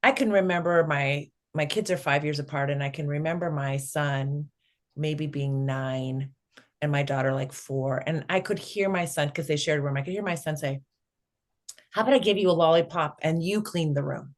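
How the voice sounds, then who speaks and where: A woman's voice: deep voice, normal speed. A middle-aged woman, a guest on an interview podcast, telling a family story and acting out the dialogue.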